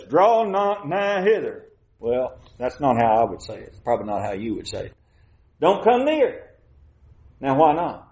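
A man preaching a sermon, reading scripture slowly and putting questions to the congregation. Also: medium pitch, mellow. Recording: muffled church recording.

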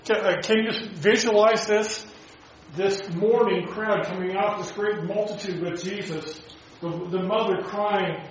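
Halting man preaching a sermon. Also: sits high, roomy sound, highs cut off, slight background noise. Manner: halting, with many restarts and rhetorical questions.

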